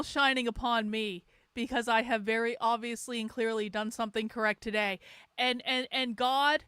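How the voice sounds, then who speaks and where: Woman streamer going off, sarcastic and sweary, high clear voice, dry close sound. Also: fairly even intonation, normal speed, fairly bright tone, no echo. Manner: sarcastic, profane, rambling with laughs. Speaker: livestream host. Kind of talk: casual livestream rant.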